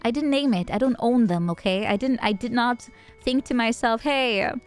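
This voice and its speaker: A bubbly woman streamer with a fairly high voice chats easily and laughs often while she greets people by name. Soft music plays low behind her. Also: normal speed. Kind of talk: casual livestream chat.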